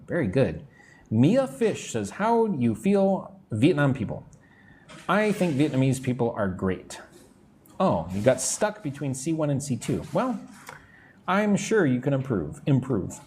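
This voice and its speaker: A middle-aged American man teaching English on a live stream, answering chat comments and slowly modelling phrases for listeners to repeat. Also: medium pitch, darkish tone, a little hiss or hum. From United States. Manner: slow, careful modelling of phrases for repetition. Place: room in Vietnam.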